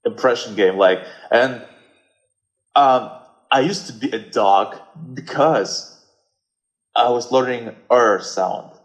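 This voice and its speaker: A man's voice: mid-range voice, slow pace, pauses often, rough recording. A man from Russia with a Russian accent, a native Russian speaker, chatting as a guest and searching for words with many fillers. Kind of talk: casual conversation.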